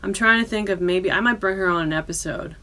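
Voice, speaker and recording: Loud, profane woman podcasting casually. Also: medium pitch, fast talker. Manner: loud, profane and animated, bursting into yelling. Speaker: podcast host. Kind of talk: casual chat.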